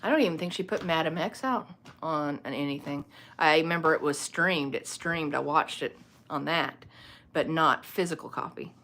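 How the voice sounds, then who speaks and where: A woman's voice: low-pitched, moderate pace, fairly bright tone. A woman chatting casually on a phone livestream at home, rambling and laughing often as she reads viewer comments. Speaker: livestream host. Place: home room lit by a small ring light.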